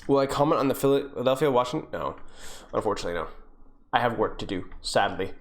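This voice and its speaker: A man's voice: medium pitch, animated, quick pace. A young man coaching live on stream, reviewing gameplay in a casual, joking way and answering his viewers. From United States.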